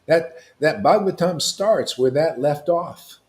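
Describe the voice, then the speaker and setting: A man preaching to a devotional gathering, emphatic and confrontational, with casual slang, swinging between loud declarations and hushed asides. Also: a little high, expressive, a little slow. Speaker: spiritual teacher at a devotee gathering. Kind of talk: impassioned devotional sermon.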